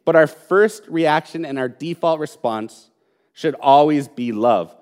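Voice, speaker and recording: A man's voice: a little high, a little slow, darkish tone. A man preaching an earnest sermon, speaking with emphasis and repeating key points. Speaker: pastor.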